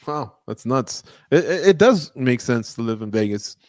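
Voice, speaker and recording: A man's voice: mid-range voice, expressive, moderate pace, a little mellow, dry recording. A man hosting a podcast, chatting casually with a guest and asking playful questions. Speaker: podcast host. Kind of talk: casual interview talk.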